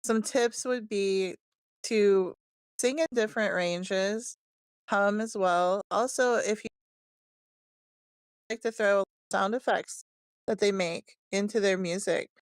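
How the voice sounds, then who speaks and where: A woman co-hosts a casual chat, gently encouraging the others. Her voice is smooth and clear, and it sounds close and dry. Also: medium pitch, slow, pauses often, no echo. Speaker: co-host.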